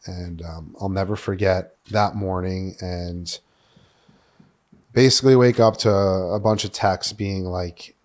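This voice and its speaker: Man, 30s, from New York City, podcast guest, somewhat low pitch, frank, swears, lots of fillers. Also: steady tone, takes it slowly, a little mellow. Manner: candid, swears freely, many fillers like "uh" and "like". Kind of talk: personal story in casual conversation.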